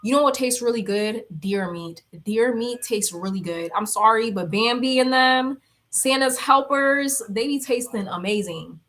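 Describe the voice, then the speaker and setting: A woman's voice: fairly high pitch, measured pace, a bit bright. A young woman chatting casually on a livestream, reading comments aloud, blunt and laughing often. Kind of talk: casual chat.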